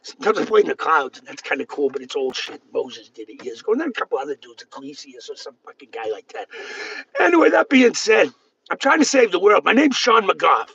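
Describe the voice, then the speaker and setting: A man ranting on a livestream, profane and erratic, swinging between yelling and low muttering, with a raspy, gravelly voice. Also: big pitch swings, brisk. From Boston area. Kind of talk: angry livestream rant. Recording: dull lo-fi sound.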